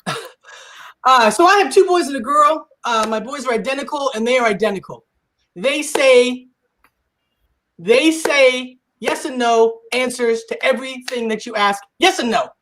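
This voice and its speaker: Animated woman in her 40s doing a standup set, high voice swooping all over, playful put-on voices. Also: moderate pace, a little hiss or hum. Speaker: stand-up comedian. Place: live comedy show stage.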